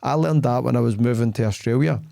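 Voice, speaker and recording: A middle-aged man with a Glaswegian Scottish accent talks through a casual podcast. He acts out the dialogue in his stories. His voice is gravelly and mellow, and the sound is dry and close. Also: mid-range voice, fast talker, no room sound. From Glasgow, Scotland. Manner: animated storyteller acting out dialogue. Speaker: podcast host, sales leader.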